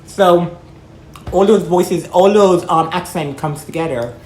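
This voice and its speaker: A woman's voice: lowish voice, measured pace, a little mellow, echoey room. A woman from Jamaica with a Jamaican accent, talking frankly and rambling to her viewers in a casual vlog. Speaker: vlogger. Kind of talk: casual talk to camera.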